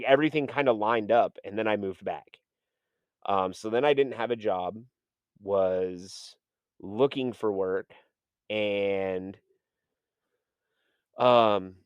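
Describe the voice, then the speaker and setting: Guy with a lowish voice rambling through a story, lots of like and um, dry close sound. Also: clear, resonant tone, dry recording. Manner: rambling, full of "like" and "um", acts out his own past dialogue. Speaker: podcast guest. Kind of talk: casual storytelling.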